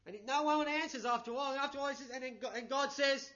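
Male pastor, conversational sermon, bright ringing high voice. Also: fast. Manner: conversational, many 'you know' fillers, rising emphatic bursts. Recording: dull lo-fi recording.

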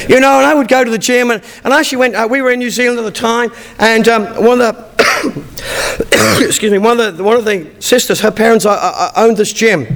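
High, gravelly-voiced preacher man. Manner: animated storytelling, frequent restarts, acts out dialogue. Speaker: pastor. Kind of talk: sermon.

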